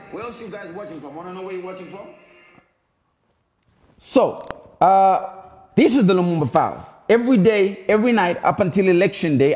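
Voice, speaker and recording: A man's voice: fairly high pitch, a little mellow. A man hosting a live stream, chatting casually with viewers and repeating his calls to them. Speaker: live show host.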